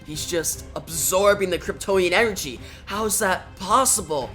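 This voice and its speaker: A woman's voice: on the low side, moderate pace, fairly bright tone, soft background music, close to an everyday voice. A woman voicing a smug, scheming male tech businessman who talks in a boastful way. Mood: shocked.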